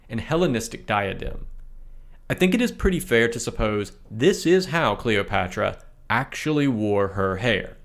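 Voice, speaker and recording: A man reading a history blog post aloud in a measured way, reading out its notes and image descriptions too. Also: lowish voice. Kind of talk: read-aloud narration of an essay with notes.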